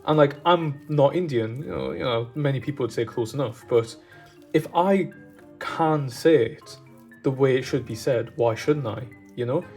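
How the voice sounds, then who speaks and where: A man's voice: medium pitch, normal speed, a little mellow, faint music behind. A man chatting casually and enthusiastically as he cooks, wandering off on tangents. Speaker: cooking vlogger. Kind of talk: casual cooking chat.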